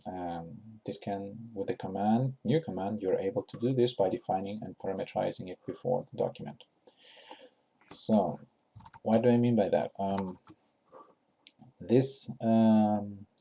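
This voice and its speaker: Slow, gravelly-voiced man explaining software. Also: on the low side. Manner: unscripted, many fillers and restarts, thinking aloud. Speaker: tutorial host. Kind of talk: screen-recorded software tutorial.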